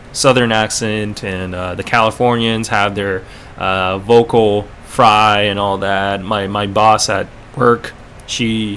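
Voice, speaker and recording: Bright-voiced man, fast filler-heavy chat. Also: mid-range voice, slight background noise. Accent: North American, learned in Canada. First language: Korean. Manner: rambling, many fillers and restarts. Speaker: podcast host and streamer. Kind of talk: casual live-stream chat.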